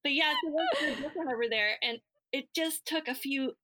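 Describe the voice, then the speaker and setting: A woman's voice: sits high, a little fast, background noise. A woman co-hosting a casual podcast conversation, earnest and reflective.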